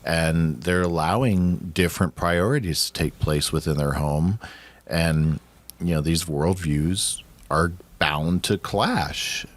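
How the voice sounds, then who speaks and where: A man's voice: low voice, slow. A man co-hosting a casual podcast, talking in an earnest, thoughtful way and restarting words as he builds his point. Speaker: podcast co-host. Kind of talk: casual rewatch podcast chat.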